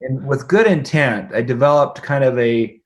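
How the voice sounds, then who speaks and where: A middle-aged man speaking as an interview guest, with a voice sitting at an ordinary male pitch. He tells a family story with plenty of energy, laughing as he goes and asking "right?" to keep his listener with him. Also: normal speed. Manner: animated, laughing, checks in with "right?".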